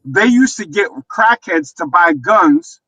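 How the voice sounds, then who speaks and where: Man, stream host, blunt and provocative, slightly high voice, dull dry sound. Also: lively intonation, takes it slowly, sharp tone, breathy edge, no room sound. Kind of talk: live stream debate.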